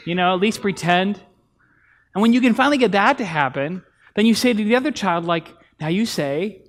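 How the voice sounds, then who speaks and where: High-voiced man preaching conversationally. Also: expressive, a little fast, a bit bright. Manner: conversational storytelling with acted-out family dialogue. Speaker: pastor. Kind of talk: sermon. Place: church sanctuary.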